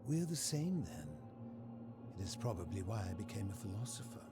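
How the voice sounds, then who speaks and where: A courteous, lonely philosopher who has lived alone for years, asks patient, probing questions in a formal cadence. His voice sits fairly low but swings widely in pitch, and game music plays clearly underneath. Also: very animated. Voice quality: measured, formal, questioning delivery. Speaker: game character. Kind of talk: video game voice acting. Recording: game audio with soundtrack music.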